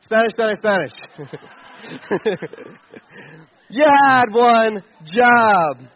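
A man's voice: sits high, animated, extremely slow, muffled recording, a little hiss or hum. A man giving sarcastic, exasperated comedic commentary on pictures, chuckling as he goes.

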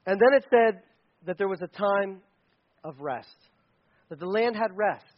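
A man preaching a sermon, telling a story in a lively, animated way and acting out the quotes. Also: sits high, measured pace, muffled recording. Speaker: pastor.

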